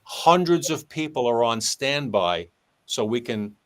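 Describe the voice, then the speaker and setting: A man's voice: mid-range voice, unhurried. New man telling a police story. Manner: animated, acts out dialogue with shifting voice. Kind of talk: conversational storytelling on a podcast.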